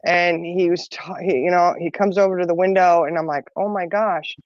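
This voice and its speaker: A woman's voice: fairly low pitch, fairly even intonation, fairly quick, darkish tone, no echo. Middle aged lady rambling thru a story w lots of laughs, dry muffled sound. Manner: chatty, laughs often, rambling. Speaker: podcast co-host. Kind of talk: casual storytelling chat.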